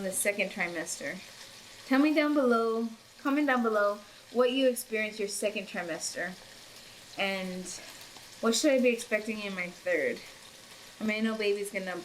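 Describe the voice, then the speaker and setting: A woman's voice: mid-range voice, a bit bright, slight background noise, rough recording. A young pregnant woman vlogging, chatting emotionally and giggling, with lots of fillers. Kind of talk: casual chat while cooking. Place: home kitchen. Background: food sizzling in a pan.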